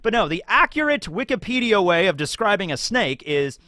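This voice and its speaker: A young man rambles through a casual video, joking and filling gaps with "um" and "like". His voice sits high and bright. The sound is close and dry. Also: very animated, brisk, hardly any pauses, no echo. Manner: rambling, joking, filler-heavy. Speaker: YouTube channel host.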